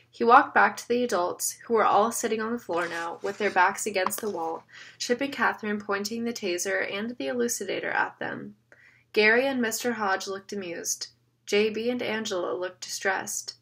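A woman reading an audiobook aloud, with steady, measured storytelling. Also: mid-range voice, vocal fry, slightly rough. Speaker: audiobook narrator. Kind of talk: scripted narration.

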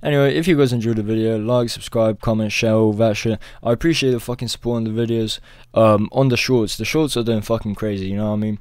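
A man's voice: fairly low pitch, fairly even intonation, fast talker, darkish tone, smooth, no echo, clean studio sound. A young man telling a rambling, profane storytime as a vlogger, peppering his talk with "bro". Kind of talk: casual storytime.

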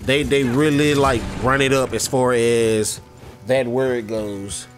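A man's voice: mid-range voice, fairly even intonation, takes it slowly, faint music behind. A man casually commentating his gameplay, rambling and speaking straight to his viewers. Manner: rambling, many fillers and restarts, addresses viewers directly. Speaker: gaming YouTuber.

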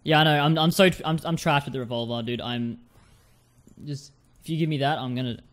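A man's voice: mid-range voice, brisk, a bit bright. A young man with a light Australian accent giving casual gameplay commentary to viewers, often repeating his words. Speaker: gaming streamer.

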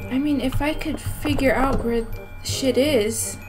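A woman's voice: high voice, unhurried, over music. A young woman playing a horror game on her channel, jumpy, exclaiming and swearing a lot, with nervous giggles. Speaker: gaming video host. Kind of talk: horror game let's play commentary.

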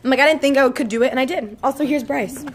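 A woman's voice: high voice, fast talker, slight background noise, low-quality recording. A young woman vlogger telling a story to camera in a chatty, exasperated way, filling her talk with "like". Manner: chatty and exasperated, heavy use of "like".

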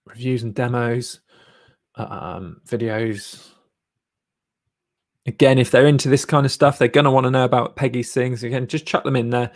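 A man's voice: medium pitch, steady tone, moderate pace, pauses often. A man hosting a live stream, reviewing a viewer's channel in a rambling, encouraging way full of fillers. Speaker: YouTube channel coach and host.

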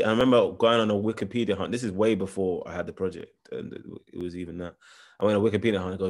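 Deep-voiced man with a London accent. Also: fast talker, darkish tone. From England. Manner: thoughtful, searching for words with restarts. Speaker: actor, interview guest. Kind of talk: casual interview answers.

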